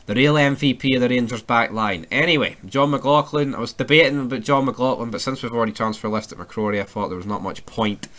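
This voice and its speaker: A man's voice: medium pitch, brisk, few pauses, a bit bright. A young Scottish man giving sweary, ranting casual commentary over a football video game career mode. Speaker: gaming YouTuber.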